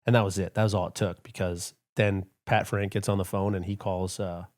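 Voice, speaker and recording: Middle-aged ex-officer guest, lower voice, relaxed anecdotal delivery with lots of fillers. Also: male voice, brisk. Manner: animated storyteller, many fillers, acts out quotes. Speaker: retired Air Force colonel, podcast guest. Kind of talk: casual storytelling interview.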